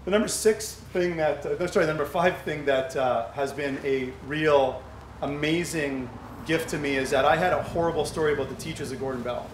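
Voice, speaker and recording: A man's voice: a little high, a little fast. A middle-aged man speaking conversationally to a fundraiser audience, telling stories and asking rhetorical questions. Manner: anecdotal, asks rhetorical questions. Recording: echoey hall with faint background hum.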